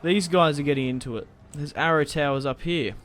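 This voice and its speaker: A man's voice: fairly high pitch, a little fast, a bit bright, slight background noise. A man giving casual, thinking-aloud commentary on a strategy game he is playing, and swearing when things go wrong. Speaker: gaming channel host.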